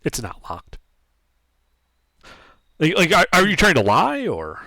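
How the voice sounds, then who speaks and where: A man runs a tabletop session, his voice lifting and dropping as he sets each scene. His tone is bright and a little high. The sound is dry and close. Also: takes it slowly, vocal fry, no room sound. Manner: runs the scene in a relaxed, conversational way. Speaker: game master. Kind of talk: narrating a tabletop game.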